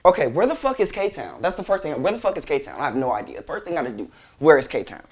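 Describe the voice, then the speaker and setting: Commentary host, male, exasperated profane rant, very animated delivery. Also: on the high side, fast. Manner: exasperated, incredulous, heavy swearing.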